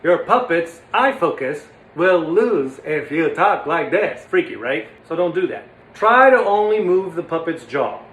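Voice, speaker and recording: A man teaching puppetry in a casual, energetic, demonstrative way. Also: on the high side, echoey room, slight background noise. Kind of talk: casual instructional talk.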